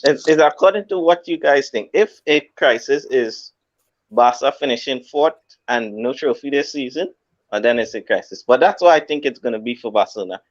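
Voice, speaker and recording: A man's voice: mid-range voice, moderate pace. Blunt slangy man, dull audio. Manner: blunt opinions, slangy, restarts sentences. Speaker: co-host. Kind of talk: casual football chat.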